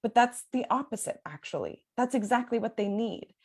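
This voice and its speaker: A woman's voice: a little high, expressive, normal speed, husky. A young adult woman coach speaking earnestly in a podcast conversation, talking in long flowing sentences and laughing often. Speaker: parenting sleep coach guest.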